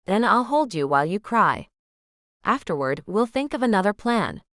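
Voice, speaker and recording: A woman's voice: mid-range voice, very animated, normal speed, fairly bright tone, no echo, studio quality. A woman reading the lines of an encouraging, bossy young female friend in an audiobook, coaxing and reassuring.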